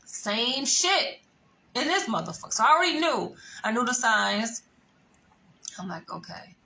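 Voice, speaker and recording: Young woman, bright and crisp, spilling a dating story to camera; animated, swears freely, talks straight at the viewer. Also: fairly high pitch, moderate pace, slight background noise, low-quality recording. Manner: animated, profane, conversational storytelling. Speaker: vlogger telling a dating story. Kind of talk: casual storytime monologue.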